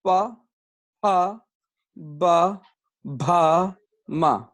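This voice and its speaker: A student chants syllables very slowly and deliberately, pausing on each one. The voice sits at a medium pitch. It comes through a video call.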